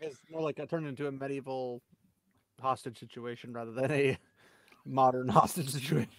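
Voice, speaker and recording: A man's voice: medium pitch, steady tone, moderate pace, a bit bright, a little hiss or hum. A man co-hosting a reaction video in casual group commentary, joking and mocking with frequent laughter. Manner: jokey, mocking, laughs often. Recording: dry close sound.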